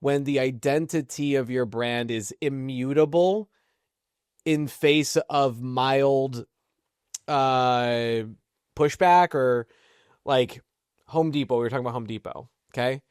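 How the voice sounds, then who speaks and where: Man, podcast co-host, casual business chat, mid-pitched voice, dry close sound. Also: slow pace, a little mellow, smooth, no echo. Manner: storytelling, laughs between points.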